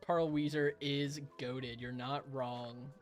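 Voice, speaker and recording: A man's voice: medium pitch, flat delivery, slow, soft background music. A young man streaming a game, chatting casually with his live chat, playful, rambling and laughing often.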